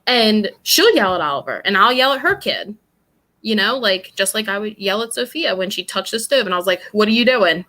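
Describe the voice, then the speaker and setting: A woman's voice: mid-range voice, very animated, brisk, bright, forceful tone. A young woman from New York, co-hosting a podcast and chatting casually, blunt and rambling, laughing often. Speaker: podcast co-host. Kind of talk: casual chat.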